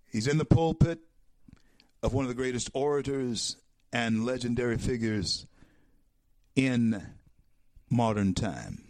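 A man hosting a talk show, giving a political commentary monologue in a preacher-like way that builds to loud, emphatic peaks and calls his listeners folks. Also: medium pitch, dry recording. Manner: addresses listeners as folks and my friends.

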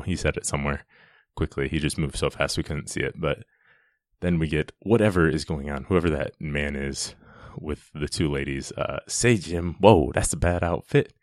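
Super deep voiced guy excitedly breaking down a movie scene, dry close sound. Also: dry recording. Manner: enthusiastic, chatty, with frequent restarts. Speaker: film commentator. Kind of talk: casual film scene commentary.

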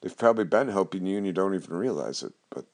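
A man speaking slowly and earnestly about spiritual guidance, his voice dropping low and quiet at times. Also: lively intonation. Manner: slow, earnest, gets emotional and quiet. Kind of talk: spiritual talk to camera.

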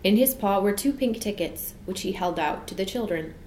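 A woman narrating a children's storybook in a gentle, measured way. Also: medium pitch, lively intonation. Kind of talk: storybook reading. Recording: echoey room, faint noise.

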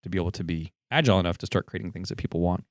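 A man's voice: low voice, racing, no echo, clean studio sound. A man with a mid-Atlantic American accent, a guest on a podcast, rambling through his work in casual chat with many fillers. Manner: rambling, filler-heavy business talk.

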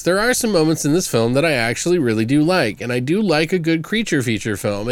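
Young male podcast co-host, loose and profane, clear smooth tone, dry close recording. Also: medium pitch, dry recording. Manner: rambling, loose and profane, many fillers. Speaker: podcast co-host, movie reviewer. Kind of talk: casual movie review chat.

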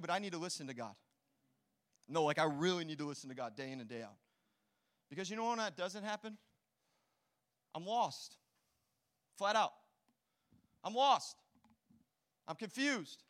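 High, bright-voiced male preacher. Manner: animated storytelling, acts out quotes. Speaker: pastor. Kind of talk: sermon. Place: church hall.

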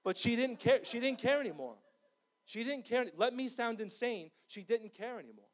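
A man preaching an impassioned sermon in a church, swinging from loud cries to quiet pleading. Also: very high-pitched, lively intonation, moderate pace. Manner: impassioned, rising to shouts.

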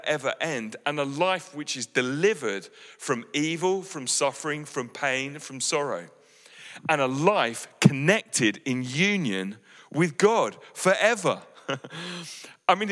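Earnest pastor preaching in a hall. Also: male voice, fairly high pitch, animated, measured pace, sharp tone. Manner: earnest, pleading, many restarts and "you know". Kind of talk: sermon.

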